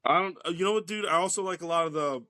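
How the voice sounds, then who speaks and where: Bright-voiced man rambling as a guest. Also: fairly high pitch, racing, dry recording, studio quality. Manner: loose and rambling, lots of "like" and swearing. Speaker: podcast guest. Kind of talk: casual podcast chat.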